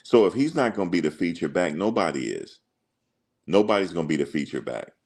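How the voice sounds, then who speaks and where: A man's voice: deep voice, sing-song, a little fast, a little mellow. A man hosting a casual sports livestream, rambling through stories and slipping into quoted voices. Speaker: host.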